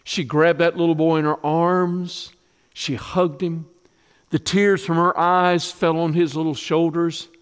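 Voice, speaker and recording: A middle-aged man preaching a sermon, telling stories with feeling and dropping to a hushed, tender voice at moving moments. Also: a little high, little pitch movement, unhurried, clean tone, big-room sound. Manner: storytelling, emotional, softens to a hush in tender moments. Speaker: pastor.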